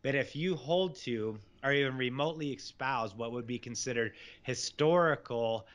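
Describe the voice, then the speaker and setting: Worked-up guy preaching hard, average pitch, words tumbling out with scripture everywhere. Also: fairly bright tone. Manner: fervent, preachy, rapid scripture-laden rants. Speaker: guest. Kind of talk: impassioned religious commentary.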